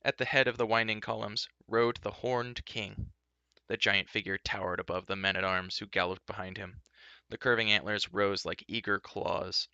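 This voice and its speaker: Man, audiobook narrator, very bright and crisp, close dry mic. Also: fairly even intonation, moderate pace, no echo, highs cut off. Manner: shifts pitch and loudness for each character's lines. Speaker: audiobook reader. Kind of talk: storybook narration with character voices.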